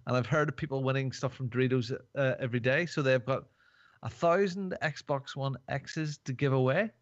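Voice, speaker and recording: A man's voice: mid-range voice, moderate pace, no echo. A man hosting a podcast in casual chat, rambling and jokey with lots of fillers. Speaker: podcast host. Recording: dull, dry podcast mic.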